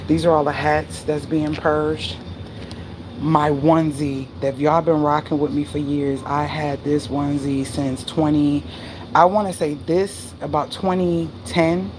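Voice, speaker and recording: A woman's voice: low-pitched, slight background noise. A middle-aged woman, venting at home in a casual chat with her viewers. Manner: exasperated, venting, animated. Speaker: vlogger.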